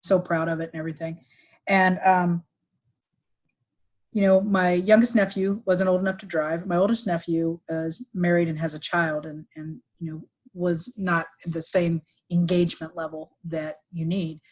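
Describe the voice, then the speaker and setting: Woman telling a family story, halting. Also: on the low side. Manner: halting, many restarts and fillers, quotes others in lively voices. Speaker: podcast guest, executive recruiter. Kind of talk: emotional personal storytelling.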